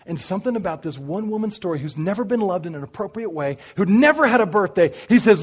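A man preaching, telling a story and speaking straight to the congregation in an animated way. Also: high-pitched, brisk, husky. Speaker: pastor. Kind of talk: sermon storytelling.

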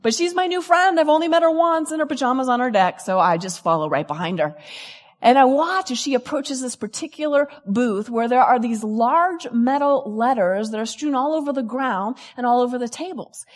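A woman, a lively storyteller who acts out the people she quotes, telling a personal story to an audience. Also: high-pitched, normal speed, big-room sound. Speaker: speaker. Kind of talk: storytelling talk.

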